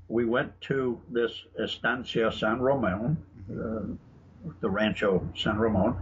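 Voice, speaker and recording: A man being interviewed, telling stories in a chatty, anecdotal way, with frequent restarts. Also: mid-range voice. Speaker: guest author and researcher. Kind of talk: casual interview talk, storytelling. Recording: dull lo-fi broadcast audio with faint noise.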